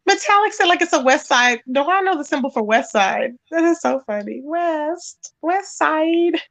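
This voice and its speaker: Animated woman dishing gossip. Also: high-pitched, moderate pace. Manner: animated, calls listeners "child". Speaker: livestream host. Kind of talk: casual gossip chat.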